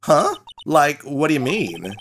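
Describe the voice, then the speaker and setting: A man's voice: wildly swooping pitch, slow pace, fairly bright tone, slight background noise, exaggerated voice. A man voicing a bubbly, ditzy young female college student in a put-on Valley Girl accent, full of "like". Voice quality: high, breezy, filler-heavy "like" talk.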